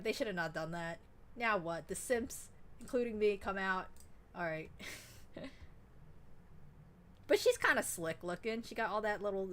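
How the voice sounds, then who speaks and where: A woman streamer chatting casually while playing a game, excitable and rambling, swearing freely. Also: medium pitch. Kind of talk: casual gaming stream chat.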